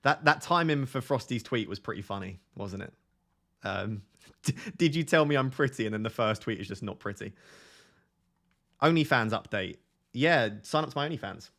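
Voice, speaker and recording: A man's voice: medium pitch, expressive, normal speed, vocal fry, pauses often, fairly bright tone. A man hosting a casual fantasy football live stream, reading viewer comments aloud and joking and laughing with them.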